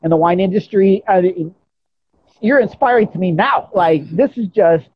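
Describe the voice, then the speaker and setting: Enthusiastic interview host, mid pitch, muffled lo-fi video call, hesitant phrasing. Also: normal speed, slight background noise. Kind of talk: casual interview conversation.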